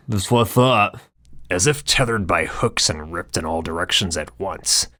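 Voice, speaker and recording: Man narrator, very low, bright tone, crude and sardonic. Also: dry recording, clean studio sound. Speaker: audiobook narrator. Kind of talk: scripted narration.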